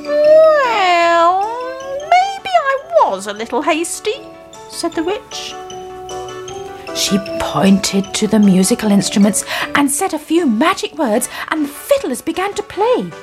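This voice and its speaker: Slow, high-voiced woman storyteller. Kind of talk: children's story reading.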